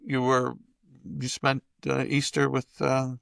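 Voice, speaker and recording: A man co-hosting a talk show, chatty and rambling, asking halting questions. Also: medium pitch, monotone, gravelly, fairly bright tone, no room sound, studio quality. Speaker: co-host. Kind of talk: casual interview chat.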